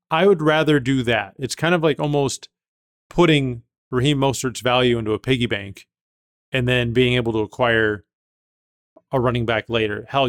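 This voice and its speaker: A man's voice: medium pitch, gravelly, dry recording, clean studio sound. A man hosting a podcast, casual chat, talking emphatically and thinking aloud with restarts. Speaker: podcast host.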